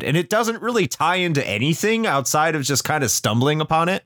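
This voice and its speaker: A man's voice: on the high side, sing-song, fast talker, hardly any pauses, fairly bright tone, no room sound, studio quality. A man hosting a podcast, chatting casually and enthusiastically about a game, often repeating words as he gets going. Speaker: podcast host. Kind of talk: casual chat.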